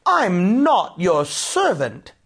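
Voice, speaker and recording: A man voicing a shrill, grumpy young bride who snaps and shrieks. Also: big pitch swings, takes it slowly, heavily acted. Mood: snappish. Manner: shrieking, snappish.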